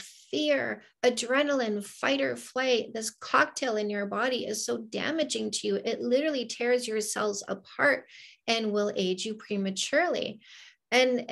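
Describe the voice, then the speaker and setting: A woman in her fifties, a dating coach hosting an interview, explaining points in an animated, casual way. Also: fairly high pitch, creaky. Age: 50s.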